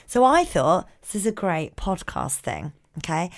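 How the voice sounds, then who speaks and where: A woman's voice: on the low side, sing-song, measured pace. A woman co-hosting a podcast in casual chat, blunt and chatty, swearing freely. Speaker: podcast co-host.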